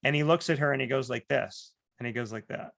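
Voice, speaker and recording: A man hosting a casual talk show, telling stories in an animated way and acting out the voices of the people in them. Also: mid-range voice, fast, vocal fry, no echo, clean studio sound. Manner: animated storyteller, acts out quoted voices, many restarts. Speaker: host. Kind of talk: casual storytelling chat.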